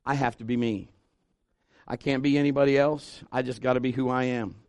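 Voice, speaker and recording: A male pastor in his fifties preaching to his church, swinging from loud exhortation to quiet, intimate asides with humor. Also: mid-range voice, steady tone, a little fast, no echo. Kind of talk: sermon. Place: church sanctuary.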